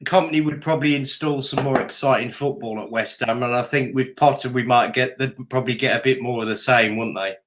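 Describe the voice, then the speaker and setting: A man's voice: medium pitch, a little fast, few pauses, a bit bright. A man co-hosting a casual football chat, blunt and opinionated, ending his points with "mate". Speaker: co-host.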